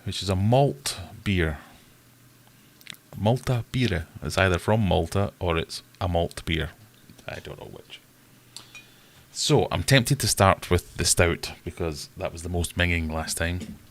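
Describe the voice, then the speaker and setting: Chatty man, lowish voice. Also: unhurried. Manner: self-deprecating, chatty, greets viewers by name. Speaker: host of a live stream. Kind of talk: casual live-stream chat.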